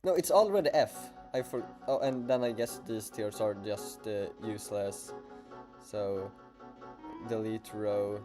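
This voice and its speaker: A man with a Swedish accent chatting casually on a livestream as a streamer, halting and stammering with many restarts. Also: lowish voice, over music.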